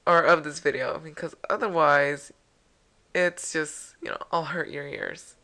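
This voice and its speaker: Woman let's play host, low-pitched, rambling and jokey. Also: fairly even intonation, a little slow, bright, forceful tone. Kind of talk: casual gameplay commentary.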